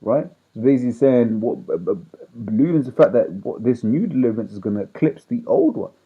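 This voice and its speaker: Rambling preacher on tinny audio. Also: male voice, medium pitch, lively intonation, a little fast, breathy edge. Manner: rambling, conversational, peppers speech with "right?". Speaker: street preacher. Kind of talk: casual scripture teaching.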